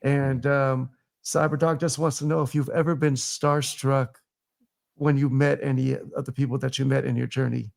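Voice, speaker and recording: A man's voice: mid-range voice, little pitch movement, moderate pace, creaky, a little mellow. A man hosting a podcast, asking questions in loose, rambling casual chat and fumbling for his words. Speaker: podcast host.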